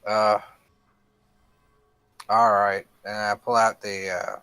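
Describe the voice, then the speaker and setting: A lowish male voice, slow and unhurried, as a player at a tabletop game table. The sound is dry and close. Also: level tone, pushed and bright, smooth, no echo. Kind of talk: tabletop role-play chat.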